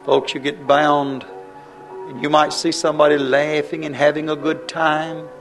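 Man preaching fire and brimstone, gravelly voice, pleading and loud, faint music behind. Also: level tone, moderate pace. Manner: impassioned, pleading, rising into high cries. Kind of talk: fervent revival sermon.

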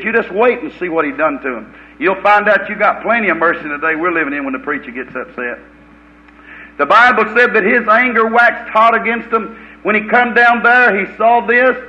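Folksy preacher on an old recording. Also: male voice, highs cut off. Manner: folksy, swings from loud preaching to low muttered asides. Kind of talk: fiery revival sermon.

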